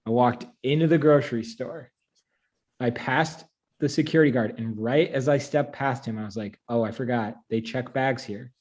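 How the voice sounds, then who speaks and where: Young guy telling a story, lots of energy, laughs as he goes, mid-pitch voice. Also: normal speed. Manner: animated storyteller, acts out quotes with laughs. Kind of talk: casual panel chat, storytelling.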